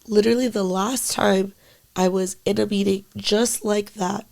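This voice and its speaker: A young woman co-hosting a casual podcast, speaking haltingly with lots of "like" and swearing, quiet and emotional, at times dropping to near-whispers. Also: mid-range voice, steady tone, creaky. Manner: halting, full of "like" and frequent swearing. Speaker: podcast co-host.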